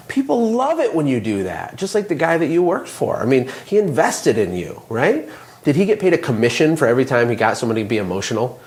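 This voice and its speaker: A man, a small business owner and coach, talking in a casual interview with animated, motivational storytelling. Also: mid-range voice, fast talker.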